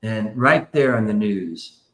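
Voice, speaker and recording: A man's voice: lowish voice, animated, takes it slowly, fairly bright tone, echoey room, poor audio. A man hosting a live stream, telling a story in a loose, profane way and acting out other people's lines. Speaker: podcast host. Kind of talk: casual storytelling chat.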